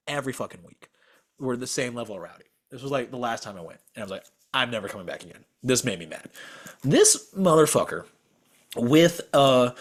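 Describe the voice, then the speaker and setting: A young man on a podcast call, telling a story as a fired-up, cursing rant. His voice sits a bit high, and it swings up and down a lot as he gets worked up. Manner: animated, profane, exasperated. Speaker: podcast co-host.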